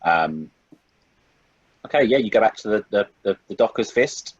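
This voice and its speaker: Male game master, husky and dry, casual and chatty, lo-fi call audio. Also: fairly low pitch, expressive, normal speed, dry recording. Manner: casual, laughs often. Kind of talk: narrating a tabletop game.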